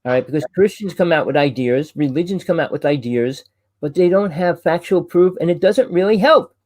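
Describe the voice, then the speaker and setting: A man with a New Jersey accent hosts a casual chat, loud and quick, rambling and restarting as he goes. His voice sits a little high. The sound is dry and close. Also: no echo. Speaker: host.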